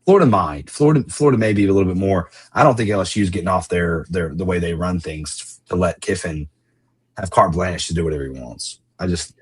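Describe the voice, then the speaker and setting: A man's voice: sits low, fast talker, husky. A man co-hosting a sports podcast, thinking aloud in a rambling, conversational way. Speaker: podcast co-host. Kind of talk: casual sports chat.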